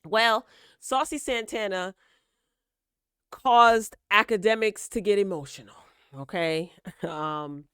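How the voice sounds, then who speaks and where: A woman's voice: medium pitch, slow pace, pauses often, fairly bright tone, smooth, dry recording, clean studio sound. A woman giving casual gossip commentary on entertainment news, opinionated and lecturing, and often checking in with "all right?". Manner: repeats "all right?" and "okay?" as check-ins.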